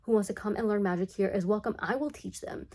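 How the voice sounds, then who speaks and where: A woman voicing an old male magic guru, speaking in slow, solemn proclamations. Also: medium pitch, warm tone, lightly acted.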